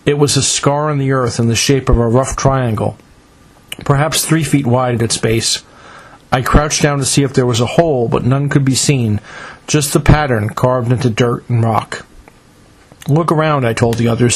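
A man reading a first-person adventure story in a measured, dramatic storytelling manner. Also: mid-range voice, slightly rough, low-quality recording. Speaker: narrator.

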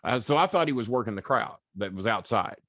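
A man's voice: mid-range voice, animated, brisk, fairly bright tone, no echo. An older man, a podcast guest, animatedly retelling a story in casual chat, swearing freely and acting out the quoted voices.

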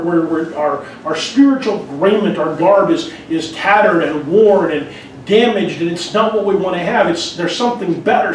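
A man with a fairly high voice preaches a sermon in an earnest, conversational manner, often stopping to restart a phrase. He is recorded from a distance in a church sanctuary. Heavy echo fills the sound, and faint noise sits underneath. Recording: very echoey hall, mic far off.

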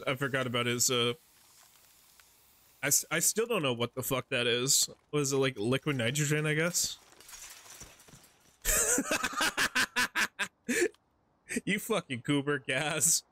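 A man's voice: medium pitch, measured pace, bright, forceful tone. A man streaming a shooter game, giving joking, profane running commentary as he plays. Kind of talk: casual gaming commentary.

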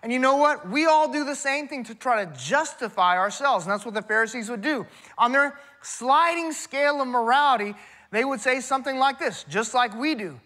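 A man's voice: very high voice, lively intonation, moderate pace, pushed and bright. A man preaching a sermon in a church, emphatic and conversational, often addressing the crowd as y'all. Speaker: pastor.

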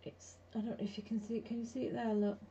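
A woman's voice: a little high, little pitch movement, fast, mellow. A chatty, blunt woman hosting a craft live stream from her home craft room, talking to viewers as she works. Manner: chatty, blunt, chats with viewers while working. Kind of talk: casual craft demo chat with viewers. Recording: dull lo-fi with faint background hiss.

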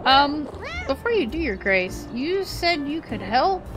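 A woman's voice: sits high, sing-song, measured pace, music in the background. A woman reading as an eager little kitten. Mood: puzzled. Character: small young kitten, eager and polite.

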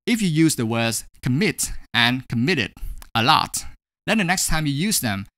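A man teaching an English grammar lesson, speaking slowly and deliberately and saying each example word twice. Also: medium pitch, big pitch swings, pushed and bright, dry recording, studio quality.

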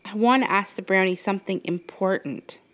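A woman voicing a curious young girl who talks in an excited, high, chirpy way. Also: fairly quick, natural voice. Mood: eager.

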